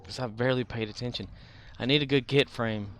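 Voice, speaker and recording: A man's voice: medium pitch, steady tone, brisk, fairly bright tone, a little hiss or hum. A man streaming a game, thinking aloud and muttering, with offhand swearing. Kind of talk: casual gameplay commentary.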